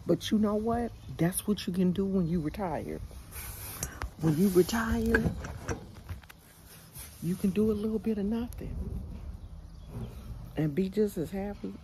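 A woman's voice: mid-range voice, a little slow, long pauses, warm tone, slight background noise. An older woman with a Bay Area accent, telling a casual story to her viewers in a chatty, slangy way, outdoors in her yard and recorded on a phone camera. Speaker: vlogger. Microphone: phone camera held by speaker.

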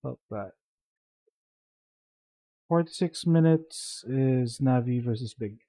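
This young man sounds sleepy as he streams a game, mumbling casual commentary to himself in a Filipino accent and code-switching into Tagalog. His medium-pitched voice is warm and slow-paced, and the recording is dry.

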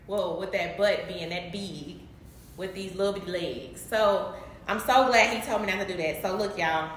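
A woman's voice: mid-range voice, slight background noise. Chatty woman vlogging in an echoey room. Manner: chatty, addresses viewers as y'all; animated, laughing, acting out her past reactions. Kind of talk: casual chat to camera. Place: her home.

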